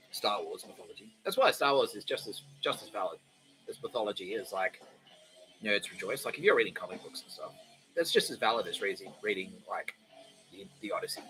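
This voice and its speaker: A man's voice: on the low side, bright, forceful tone, poor audio. A young man hosting a podcast, talking in a rambling, profane, self-mocking way. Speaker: podcast host. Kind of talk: casual solo monologue.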